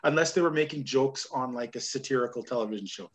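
A Canadian man hosts a wrestling podcast in a loose, chatty way. He jokes, laughs easily and grumbles about what he dislikes, at an ordinary middle pitch. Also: fast talker. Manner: jokey, grumbling, laughs often. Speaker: podcast host. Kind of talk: casual chat.

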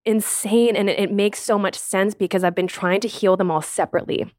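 A woman's voice: mid-range voice, fairly even intonation, fairly quick, darkish tone, no echo, clean studio sound. A woman co-hosting a casual podcast, talking in an earnest, emotional and open way. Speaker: podcast co-host.

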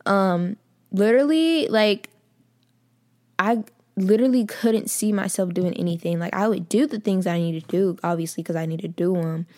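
A young woman hosts a faith podcast in a lowish, slightly mellow voice, steady and moderately paced. She talks casually yet earnestly, often calling listeners "y'all" and repeating phrases for emphasis.

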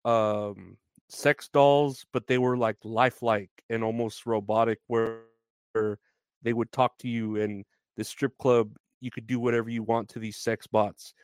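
Chill dude rambling on his podcast, smooth clear voice, dry close mic, lots of um and like. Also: mid-range voice, fairly even intonation, a little slow, no echo. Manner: rambling, loose, laughs often, lots of fillers. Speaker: podcast host. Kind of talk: casual solo podcast talk.

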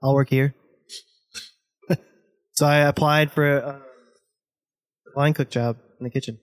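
A man's voice: fairly high pitch, fairly even intonation, unhurried. A young man chatting as a podcast guest, teasing the host, laughing a lot and swearing casually. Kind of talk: casual chat.

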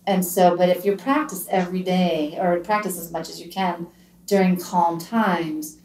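A woman's voice: fairly low pitch, steady tone, normal speed, darkish tone. A middle-aged woman talking as a podcast guest, earnest and encouraging, often restarting her sentences. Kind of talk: conversational interview. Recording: echoey room, distant from the mic.

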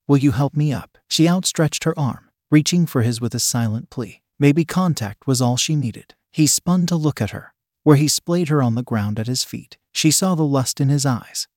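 A male narrator reads a story aloud in a steady, even way. His pitch sits in the middle range, and the recording is close and dry, with no room echo. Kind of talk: scripted narration.

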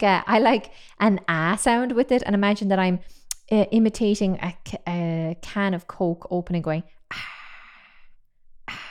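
With a smooth, darkish voice on the low side, a thirtysomething woman teaches a singing lesson. She's an enthusiastic, chatty voice coach who demonstrates sounds while explaining vocal technique.

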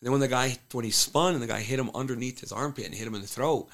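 Gravelly man telling fight stories. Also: medium pitch, racing, fairly bright tone. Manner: loose storytelling with frequent "like" and restarts. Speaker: MMA fighter and trainer, interview guest. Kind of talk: casual sit-down conversation.

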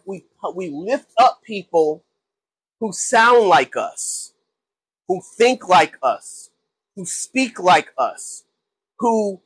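A man's voice: high-pitched, fairly bright tone, slightly rough, rough recording. A man hosting a faith talk show, talking casually and preaching, often repeating himself and acting out angry people. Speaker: host.

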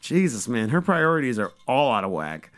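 A man hosting a podcast, giving a casual, profane and joking recap of an episode as an animated storyteller. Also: medium pitch, moderate pace. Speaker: podcast host.

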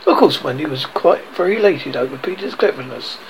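A man narrating a children's storybook aloud, reading haltingly with frequent restarts. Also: a little high, expressive, slight background noise, poor audio. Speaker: reader. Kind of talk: audiobook narration.

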